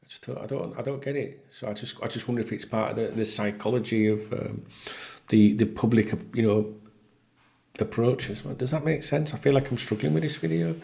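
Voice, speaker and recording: Fairly quick and gravelly, his medium-pitched voice is a little mellow. As a football fan vlogger talking casually to camera alone, he's blunt and exasperated and swears without holding back.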